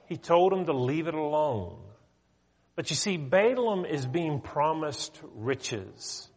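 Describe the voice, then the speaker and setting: A man preaching a sermon, retelling a story in a conversational, animated way. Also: a little high, slow pace, breathy edge. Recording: long hall reverb.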